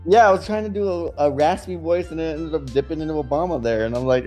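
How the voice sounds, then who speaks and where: A man co-hosting a podcast in casual chat, joking and animated, swearing now and then. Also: on the high side, quick pace, soft background music. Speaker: podcast co-host.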